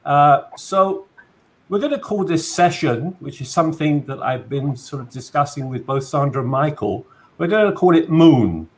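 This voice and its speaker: A man hosting a video call interview in a friendly, relaxed way, with frequent fillers. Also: fairly high pitch, moderate pace. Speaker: host.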